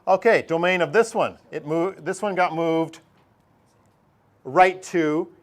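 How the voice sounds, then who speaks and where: A man's voice: fairly high pitch, takes it slowly. A man teaching a math lesson to a classroom, explaining casually and joking with students. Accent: Canadian.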